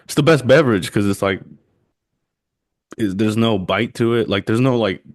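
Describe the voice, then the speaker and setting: A man's voice: on the low side, normal speed. A man hosting a casual comedy podcast over a video call, loose and giggly, rambling with fillers. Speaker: podcast host.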